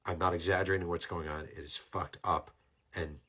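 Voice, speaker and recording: A man with a very low, husky voice delivers heated political commentary. He sounds indignant, swears freely and hammers each point home by saying it twice. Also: steady tone, fairly quick, pushed and bright.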